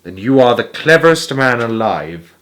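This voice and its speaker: A man reading aloud and voicing a kindly, excitable middle-aged woman, raising his voice high for her. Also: normal speed, slight background noise. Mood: pleading. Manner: raised, shrill when excited.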